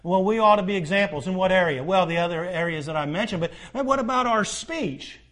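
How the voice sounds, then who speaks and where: Man preaching a sermon, slightly high voice. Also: animated, fairly quick, a bit bright. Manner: preacherly, rising to emphatic peaks with repeated questions. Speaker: pastor.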